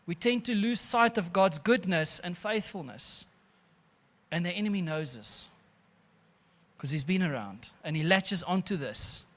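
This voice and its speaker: A pastor preaching an animated sermon, calling listeners friends and laughing often. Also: male voice, sits high.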